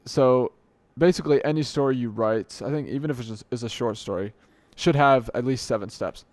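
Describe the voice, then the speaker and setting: Fairly quick and darkish in tone, a young man's mid-pitched voice carries his unscripted solo podcast. He rambles, catches his own mistakes, and pokes fun at himself. It's nighttime in a dim room at home, and his desk mic gives a close, dry sound without room echo.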